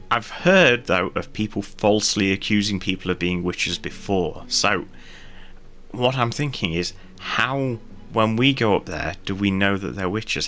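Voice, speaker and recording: A man playing a tabletop game, talking in a playful, halting way with restarts. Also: fairly low pitch, bright, forceful tone, a little hiss or hum. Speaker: player.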